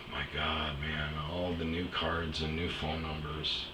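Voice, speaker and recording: Low-voiced man telling a story, roomy echo. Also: takes it slowly. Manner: animated, acts out dialogue, swears freely. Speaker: podcast host. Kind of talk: casual personal storytelling. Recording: roomy echo, faint background hiss.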